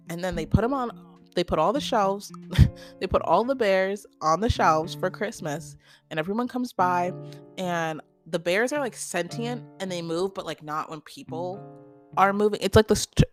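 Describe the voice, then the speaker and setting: A woman hosting a solo podcast, chatting casually and gushing, with many "like" fillers. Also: lowish voice. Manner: chatty and gushing, heavy use of "like". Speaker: podcast host.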